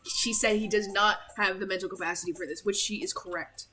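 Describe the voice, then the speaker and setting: A woman's voice: medium pitch, fairly even intonation, fairly quick, bright, forceful tone, soft background music. A woman streamer chatting casually, joking around in a playful way with lots of slang. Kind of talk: casual chat.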